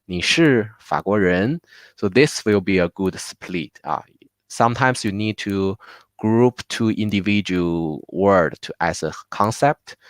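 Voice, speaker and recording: Slow, low-voiced Chinese-accented male teacher. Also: no room sound, clean studio sound. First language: Mandarin Chinese. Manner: patient, repeats words slowly for learners. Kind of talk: live online language lesson.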